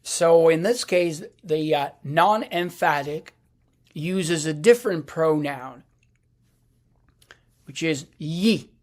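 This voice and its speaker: A man giving a video lecture on Italian grammar, speaking deliberately with many pauses, fillers and restarts. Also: a little high, a little mellow. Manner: deliberate, halting with frequent fillers and repeats.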